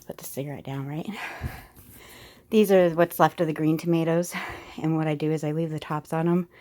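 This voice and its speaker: A woman's voice: sits low, a little mellow. A woman chatting her way through a garden and pantry tour, rambling and a little out of breath, moving from outdoors to indoors. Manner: chatty and rambling, with frequent fillers and trailing-off sentences. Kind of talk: casual walk-and-talk tour. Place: garden outdoors, then inside a house.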